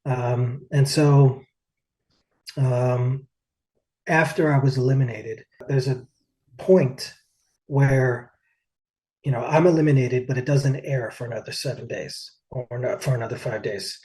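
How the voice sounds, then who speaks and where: Chatty man telling stories, middle pitch. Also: steady tone, a little slow, pauses often, darkish tone, low-quality recording. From United States. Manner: rambling, lots of "like" and "uh". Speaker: interview guest, singer. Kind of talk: casual storytelling.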